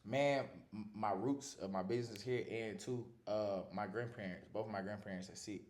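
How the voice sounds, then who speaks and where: A man, a podcast guest telling stories in a relaxed, slangy way. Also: fairly low pitch, normal speed, roomy sound. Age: 20s. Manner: laid-back, slangy storytelling. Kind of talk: casual podcast chat.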